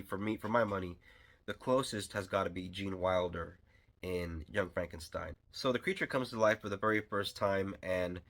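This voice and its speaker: Low-voiced man rambling through a film review. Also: fairly bright tone. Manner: loose and rambling, with many fillers and restarts; enthusiastic fan. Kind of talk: casual spoken film review.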